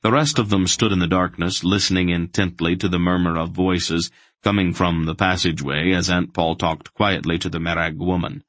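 A man narrating an audiobook in a steady, even storytelling voice. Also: deep voice, normal speed, dry recording.

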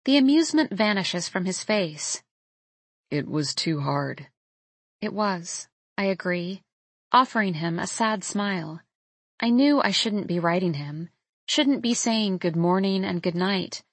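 A young woman narrating a novel in the first person, in a reflective, intimate, measured way. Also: mid-range voice, animated, dry recording. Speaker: audiobook narrator.

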